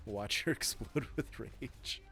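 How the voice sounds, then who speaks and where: A man's voice: medium pitch, slow pace, gravelly, a bit bright, soft background music. A man with a Midwestern American accent, chatting casually and joking with viewers while streaming a game. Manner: chuckling, joking, answering chat. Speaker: gaming streamer. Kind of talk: casual live-stream chat.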